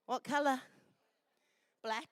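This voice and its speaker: Festival MC, woman, New Zealand accent, high and unhurried, chatty and affectionate. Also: fairly even intonation, fairly bright tone, clean tone, no echo, studio quality. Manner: chatty and affectionate, calls people darling. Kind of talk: live event MC, handing out and announcing. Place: festival venue.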